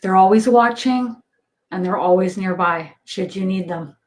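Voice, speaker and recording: A woman's voice: medium pitch, a little slow, a little mellow. A woman medium talks in a loose, conversational way on a livestream. She fills her sentences with ums and likes, and she laughs easily between thoughts. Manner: chatty, laughs often, many fillers. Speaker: psychic medium. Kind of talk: casual livestream reading.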